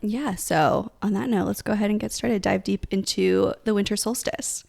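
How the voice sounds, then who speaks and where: A young woman chatting on a podcast, bubbly and quick to laugh. Her voice has a gravelly, fry-tinged edge, and she rambles through restarts at a middling pitch. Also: a little mellow. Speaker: podcast co-host. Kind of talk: casual podcast chat.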